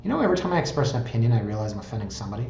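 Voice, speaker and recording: A man's voice: medium pitch, sing-song, very fast, creaky, a little mellow, slight background noise. Chatty, sarcastic real estate blogger, man. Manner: chatty, sarcastic, prone to tangents. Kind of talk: casual commentary on home listings. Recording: roomy, slightly dull recording.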